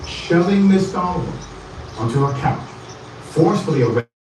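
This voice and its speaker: A man hosting online news commentary, recounting events step by step in a deliberate way. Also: on the high side, lively intonation, darkish tone, heavy reverb, distant mic, a little hiss or hum, low-quality recording.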